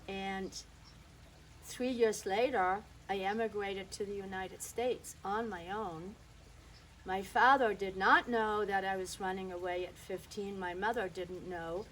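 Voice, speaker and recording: A woman's voice: mid-range voice, fairly even intonation, measured pace, fairly bright tone, slight background noise, rough recording. Woman telling a personal story. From northern Germany. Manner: reflective, recounts quoted dialogue.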